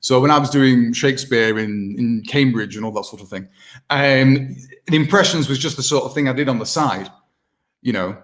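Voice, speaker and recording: With a mid-range, fairly bright voice at a moderate pace, a thirty-something British man appears as a guest impressionist on a relaxed video call. He wanders through his thoughts, makes fun of himself, and keeps starting over.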